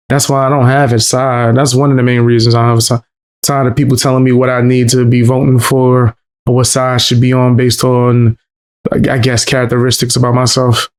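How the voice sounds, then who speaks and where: Male streamer, laid-back slangy chat, mid-pitch voice. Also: clean tone.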